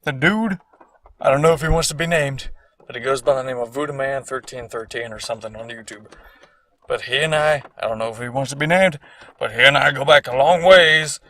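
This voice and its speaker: A man's voice: medium pitch, a little fast, sharp tone. A man in his twenties giving casual, profane and rambling commentary on a cartoon he made as a teen. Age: 20s.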